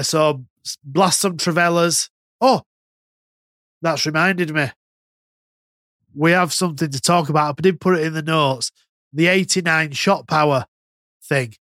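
Guy chatting on a podcast, kinda high voice, swears a lot, dry close mic. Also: dry recording. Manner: swears freely, rambling and animated. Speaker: podcast co-host. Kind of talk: casual chat.

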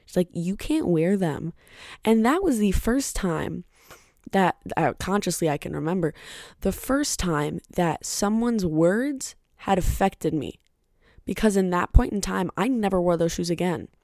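A young woman hosts her own podcast in a loose, chatty monologue, speaking bluntly and swearing freely. Her voice sits low and mellow, with a gravelly edge. The sound is dry and close, with no room echo. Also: lively intonation, a little slow. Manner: candid and blunt, with frequent swearing; chatty and rambling, with side remarks. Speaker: podcast host.

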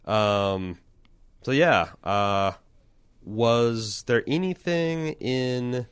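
A man's voice: mid-range voice, extremely slow, clear, resonant tone, dry recording, clean studio sound. A man co-hosting a podcast, talking in a rambling, joking way that often stops and restarts. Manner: rambling, self-interrupting, joking. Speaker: podcast co-host. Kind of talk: casual chat.

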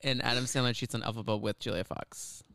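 A man's voice: mid-range voice, quick pace, creaky, no room sound, studio quality. A man co-hosting a podcast, telling a story in casual chat and breaking into laughter often. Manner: giggly, animated storyteller who keeps breaking into laughter. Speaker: podcast co-host.

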